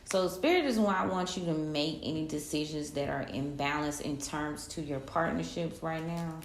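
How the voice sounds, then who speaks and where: A woman with a low, gravelly voice gives a casual tarot reading full of slang and pep-talk encouragement. The sound is echoey, as if from a bare room. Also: normal speed, slight background noise. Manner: loose, slangy pep-talk delivery with frequent laughs. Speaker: tarot reader.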